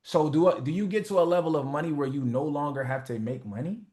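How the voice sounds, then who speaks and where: With a fairly high, slightly mellow voice, a man talks fast as he hosts a motivation call. It's a casual motivational talk, delivered in a blunt, profane, preachy style, and he acts out the people he quotes.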